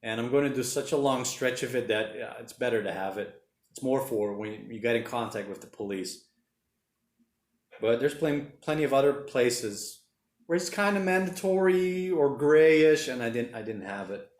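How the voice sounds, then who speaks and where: Male livestream host, mid-pitched, rambling chat in a roomy space. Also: animated, normal speed. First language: Portuguese. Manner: rambling, chatty, reads viewer comments aloud. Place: home room during lockdown.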